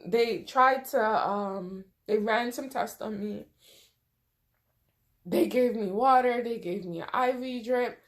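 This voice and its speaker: A woman's voice: on the high side, slow. A young woman telling a personal storytime, emotional and close to tears, acting out what people said. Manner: emotional, tearful retelling with quoted dialogue. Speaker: vlogger. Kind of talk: storytime vlog.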